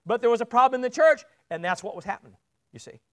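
Speaking to his church congregation, a preacher with a strikingly high, fairly bright voice delivers a sermon in a casual, expressive way at a fast clip. He checks in with listeners by asking questions and trips over repeated words when pressing a point.

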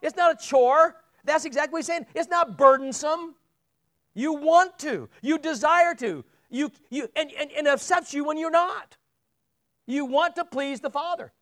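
A man's voice: extremely high pitch, normal speed, a bit bright. A man preaching a sermon in a church, talking casually and asking the congregation questions, often repeating words as he presses a point.

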